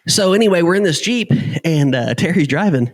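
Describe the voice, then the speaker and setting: A man's voice: on the high side, fairly quick. A man telling stories in casual podcast chat, acting out the people in them and swearing casually. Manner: animated storyteller, swears casually; acts out the people in his stories.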